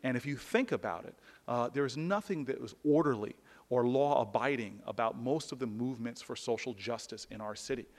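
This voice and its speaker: A man's voice: medium pitch, brisk, darkish tone, long reverb tail. A man giving an earnest personal storytelling speech, often restarting and repeating words. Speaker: public speaker.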